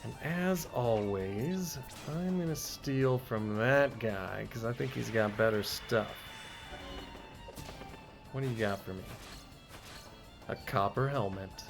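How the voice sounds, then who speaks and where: Slow-talking laid-back man streamer. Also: mid-range voice, creaky, music in the background. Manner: laid-back, self-deprecating. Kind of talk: casual gameplay commentary.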